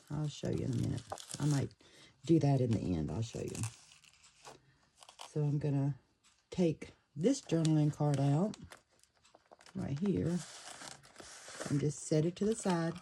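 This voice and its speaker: Chatty woman, low and mellow. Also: a little hiss or hum, poor audio. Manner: chatty, thinking aloud, stops to fiddle with pieces. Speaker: paper craft creator. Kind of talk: casual craft flip-through.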